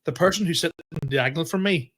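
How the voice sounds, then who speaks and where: A young man with a Northern Irish accent, telling a story on a podcast in animated, sweary casual chat and acting out what people said. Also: on the high side, quick pace. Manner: animated, swearing, acts out quoted exchanges. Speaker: podcast host.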